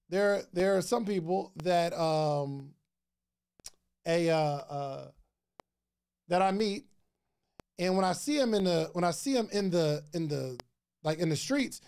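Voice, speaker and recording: High, gravelly man chatting excitedly. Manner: excitable, repeats phrases, chatty with viewers. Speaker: podcast host giving advice. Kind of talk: casual livestream talk.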